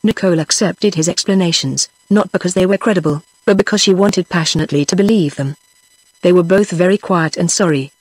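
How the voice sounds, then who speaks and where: A synthetic woman's voice with a British English accent, reading a story in an even, steady manner without acting the characters. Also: fairly low pitch, brisk, breathy edge, no echo. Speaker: audiobook narrator. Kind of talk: text-to-speech audiobook reading.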